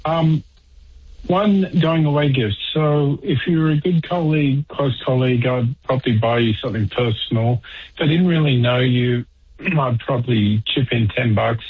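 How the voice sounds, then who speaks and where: A man's voice: medium pitch, moderate pace, slightly rough. A male caller on talkback radio, joking dryly and giving firm opinions over the phone. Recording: tinny phone line.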